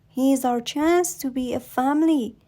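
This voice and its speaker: A pushy, impatient husband who coaxes and insists, as a woman narrator reads his lines. The lines come slowly in a voice that sits a little high, with little change from the storyteller's own. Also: mellow. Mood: pleading. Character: pushy grown husband, impatient but coaxing.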